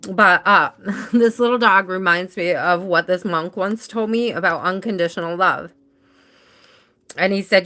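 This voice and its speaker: A woman's voice: lowish voice, a little slow, long pauses, sharp tone. A woman giving a live tarot reading in a chatty, rambling way, laughing easily as she talks. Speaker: tarot reader.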